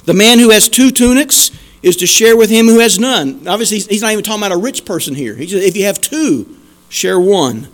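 High-voiced man preaching a sermon. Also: animated, brisk. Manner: earnest, emphatic preaching with repeated rhetorical questions. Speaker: pastor.

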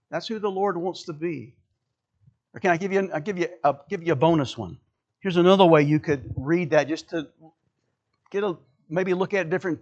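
A male pastor preaching a sermon, emphatic and conversational, repeating key phrases for stress and turning to the congregation with asides. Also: a little high.

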